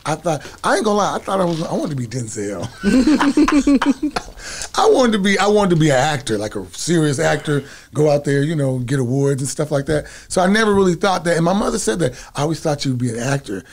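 Man, middle-aged, gravelly husky voice, slightly high, casual storytelling interview, laughs often. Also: fairly quick. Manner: animated, laughs often, breaks into bits of song. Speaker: guest telling his story.

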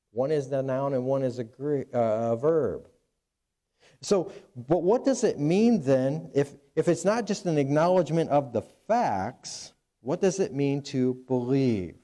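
A man's voice: mid-range voice, mellow. A man pastor preaching a sermon, earnest, with frequent restarts and fillers.

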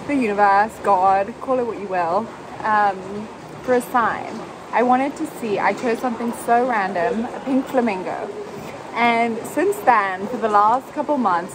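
Brief: young woman, phone-cam travel vlogger, excitable and chatty, speaking at a middling pitch with street noise clearly heard behind her. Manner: chatty and excitable, many "like"s and laughs. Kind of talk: casual travel vlog talk. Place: out and about in a city, in and out of doors. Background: street and traffic noise.

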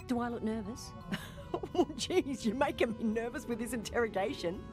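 A man's voice: extremely high pitch, moderate pace, music in the background. An actor playing a flustered, apologetic alien man who feels sick from overeating. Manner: flustered, apologetic, awkward laughs. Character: nervous sandwich-stuffed alien man.

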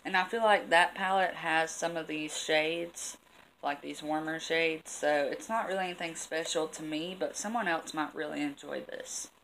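A young adult woman reviews beauty products in a relaxed, rambling chat. Her voice sits a little low and has a gravelly, creaky texture. A faint hiss sits under the recording. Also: moderate pace, low-quality recording. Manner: chatty and rambling, many fillers and asides. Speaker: beauty vlogger.

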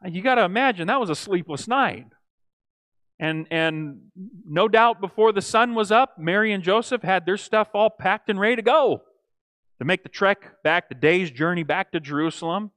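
A man teaching a church Bible study in a lively, conversational way, often acting out quoted lines and checking in with the group. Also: sits high, moderate pace, no room sound. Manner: animated, acts out quoted lines, asks the group "right?".

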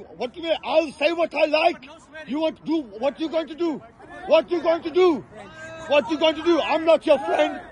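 A man at an outdoor street protest, heckling opponents with short repeated taunts and then addressing the crowd with a fiery speech. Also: very high voice. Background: shouting crowd and passing traffic.

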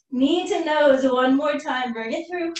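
A yoga instructor cues a live class in a calm, breathy, slow voice that sits a little high, slightly out of breath as she flows through the poses alongside her students. She is far from the microphone, and the room gives off a strong, roomy echo.

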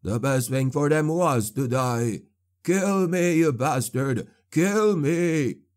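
A man's voice: medium pitch, slow pace, a little mellow, natural voice. A man doing a spiteful caged sorcerer. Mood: shrieking. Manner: sly and taunting, shrieking when enraged. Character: captive male sorcerer, spiteful and mocking.

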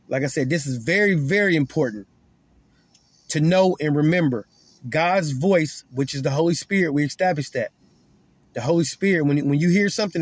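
A man with a fairly high, husky voice teaches scripture in a loose, heartfelt way. He circles back over his points, trips on and repeats words, and often sinks his voice down to something close to a whisper. The sound is close and dry, with no room around it. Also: no echo. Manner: earnest, repetitive, stumbles and repeats words. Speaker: online preacher. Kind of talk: informal Bible teaching to camera.

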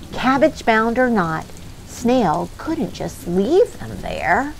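A woman reading a picture book aloud to young children as a librarian, expressive and pausing to ask the listeners questions. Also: a little high, creaky, a little hiss or hum.

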